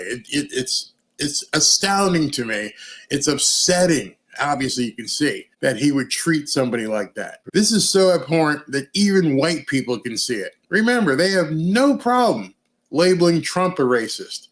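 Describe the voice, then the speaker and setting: A man hosting his own commentary show, reacting to a video with emphatic indignation. His voice sits slightly on the high side. He keeps turning to the audience with pointed rhetorical questions. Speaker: news commentary host.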